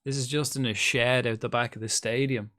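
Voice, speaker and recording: A man's voice: medium pitch, fairly even intonation, brisk, sharp tone. A man streaming a game live, chatting casually and rambling to his viewers. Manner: rambling, chatty, talks to chat by name. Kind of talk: casual live-stream chat while gaming.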